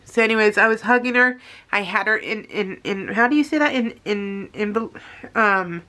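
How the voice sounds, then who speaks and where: A woman's voice: mid-range voice, moderate pace, pushed and bright. Earnest rambling woman in her forties. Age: 40s. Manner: earnest, rambling, repeats "you guys". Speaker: scrapbooking vlogger. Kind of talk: emotional casual talk to camera.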